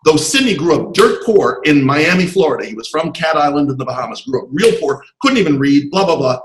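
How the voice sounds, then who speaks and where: A man being interviewed about his screenwriting career, telling animated, digressive stories full of asides over a video call. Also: on the high side, a little fast, echoey room, a little hiss or hum, low-quality recording. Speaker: interview guest, screenwriter and comic artist. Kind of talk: casual anecdotal storytelling.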